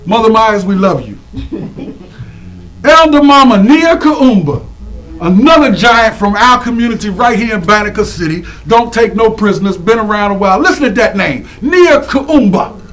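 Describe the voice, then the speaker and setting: A man calls out names in animated, preacherly shout-outs. He stretches each name and keeps throwing questions back to the crowd. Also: high voice, rough recording. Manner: preacherly call-and-response, animated, drawn-out names. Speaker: speaker honoring community women. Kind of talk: lively shout-outs to audience.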